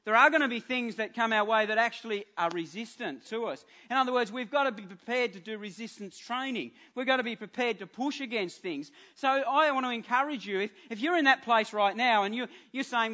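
Bright high-voiced male pastor preaching. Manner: earnest, halting with repeated restarts. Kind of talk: sermon. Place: church.

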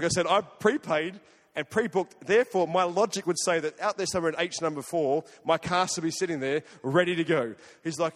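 An Australian man preaching a sermon in an animated, conversational way, swinging between loud and hushed as he tells a story. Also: fairly high pitch, fast talker. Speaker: guest preacher. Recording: long hall reverb.

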